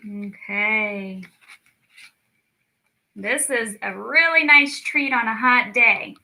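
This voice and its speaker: A young woman leading a children's lesson, stretching words out slowly and cheering the kids on. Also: fairly high pitch, vocal fry, sharp tone, rough recording. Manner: slow, drawn-out words for children, encouraging. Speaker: speech clinic storytime teacher. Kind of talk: children's lesson, clapping out syllables.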